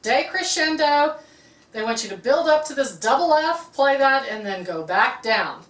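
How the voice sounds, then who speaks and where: A woman's voice: high voice, lively intonation, moderate pace, fairly bright tone, far from the mic. A woman teaching a harp lesson, explaining music terms patiently and often checking in with "okay". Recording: roomy, from off-mic.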